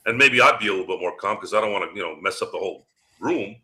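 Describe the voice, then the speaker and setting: A man's voice: lowish voice, very fast, bright, forceful tone. A man hosting a sports podcast, delivering a heated, profane rant and jabbing at his critics. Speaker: podcast host.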